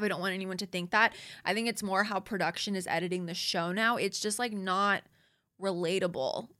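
Young LA Valley Girl woman podcast host, bright tone, casual, swears, mid pitch. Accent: Valley Girl Los Angeles. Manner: chatty, frequent "like" and "you guys", laughs often, swears casually. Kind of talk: casual solo podcast chat.

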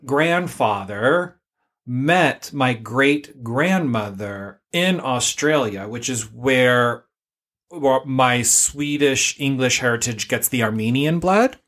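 A man talking casually on a podcast, wandering through stories with plenty of ums and likes. His voice sits at an ordinary middle pitch. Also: lively intonation, slow, a bit bright. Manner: chatty, rambling storyteller with many fillers. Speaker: podcast co-host.

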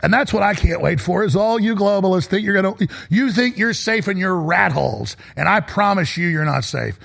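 A man hosting a talk radio show, delivering an intense rant that swings from a low growl to high shouting. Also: expressive, a little fast, hardly any pauses. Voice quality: gravelly, husky. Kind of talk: ranting talk radio monologue.

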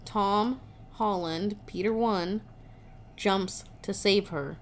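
A woman's voice: medium pitch, takes it slowly, slight background noise. Blunt, profane woman co-host. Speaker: podcast co-host. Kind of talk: casual movie recap.

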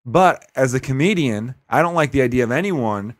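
A man's voice: medium pitch, animated, moderate pace. A man in his thirties from Chicago, a comedian hosting a podcast, telling stories in a profane, ranting way. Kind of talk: casual podcast chat.

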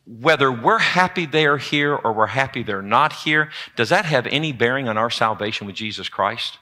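A man preaching a sermon in a church, with a lively call-and-response delivery. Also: medium pitch. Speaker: pastor. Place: church sanctuary.

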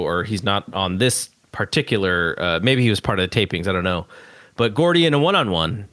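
Low-voiced man in a dry recap. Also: fairly bright tone, dry recording. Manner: hesitant recap with many fillers. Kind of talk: casual episode review chat.

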